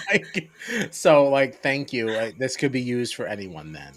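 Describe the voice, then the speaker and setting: A man's voice: medium pitch, expressive, normal speed, slight background noise. Dry-humored man reading captions. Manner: dry, jokey, reads captions aloud. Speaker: podcast co-host. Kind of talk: casual chat.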